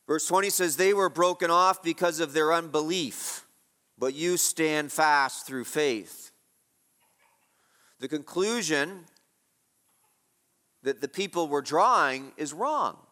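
A man delivering a sermon in a higher, sharp and forceful voice that rings through a hall with long reverb. He presses his points with rhetorical questions and repeats key phrases for emphasis. The delivery is that of a preacher teaching from the pulpit. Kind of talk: expository sermon.

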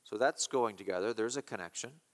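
A man preaching an expository sermon as a pastor, emphatic and repeating key phrases slowly. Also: fairly low pitch, in a large hall.

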